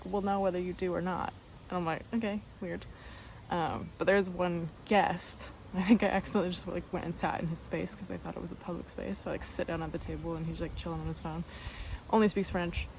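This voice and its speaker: A woman's voice: fairly low pitch, gravelly, a little mellow, slight background noise, poor audio. Chatty young woman hiker outdoors. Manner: chatty, wry, trails off with laughs. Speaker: hiker vlogger. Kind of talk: casual vlog chat. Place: outdoors on a forest trail and campsite. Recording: outdoor ambience and birds, music under.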